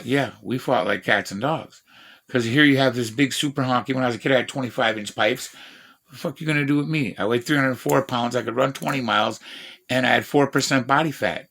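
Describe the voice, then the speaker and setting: A man's voice: mid-range voice, creaky, fairly bright tone. A man in his fifties telling rambling personal stories in a profane, boastful, meandering way. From Washington State, USA. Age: 50s. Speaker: vlogger.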